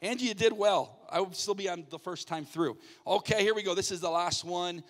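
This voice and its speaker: Upbeat pastor in a reverberant church. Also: male voice, high voice, fairly even intonation, a bit bright. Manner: jokey, coaxing, quick asides. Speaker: pastor hosting a game. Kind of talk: playful audience hosting from the stage. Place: church sanctuary.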